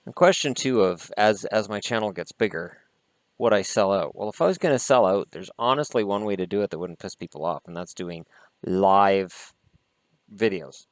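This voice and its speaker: A man's voice: on the low side, animated, normal speed, dry recording. A man hosting a casual vlog, chatting in an opinionated way and swearing mildly as he opens trading cards. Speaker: hockey vlogger. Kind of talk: casual card-opening vlog chat.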